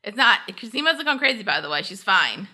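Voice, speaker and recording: Young woman recapping a show, super chatty, says "like" constantly, bright sharp voice. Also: mid-range voice, big pitch swings, brisk. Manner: chatty, heavy use of "like", acts out characters' lines. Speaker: podcast co-host. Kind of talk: casual recap chat.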